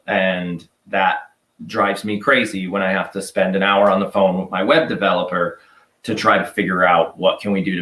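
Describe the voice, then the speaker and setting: A man's voice: fairly low pitch, fairly bright tone, echoey room. A man co-hosting a farm livestream, speaking bluntly to viewers. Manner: frustrated, blunt. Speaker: farm channel co-host.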